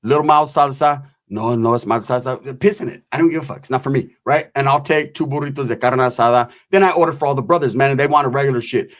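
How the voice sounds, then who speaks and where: Profane, animated male storyteller. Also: mid-range voice, quick pace, few pauses. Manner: animated, keeps tagging lines with "right?". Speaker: comedic storyteller. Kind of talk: profane comedic anecdote.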